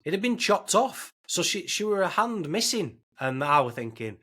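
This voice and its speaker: A man's voice: high voice, moderate pace, few pauses. A man, co-hosting a podcast, telling travel stories in casual chat, swearing freely and acting out quoted lines. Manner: animated storyteller, swears freely, acts out quotes. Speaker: podcast co-host.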